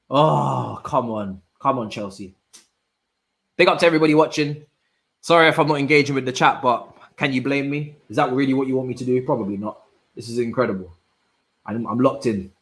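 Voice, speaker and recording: A young man reacting live to a football match, swinging from low muttering to loud shouts and using plenty of slang. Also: moderate pace, long pauses, roomy sound, poor audio. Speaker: football watch-along streamer. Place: indoor room at home.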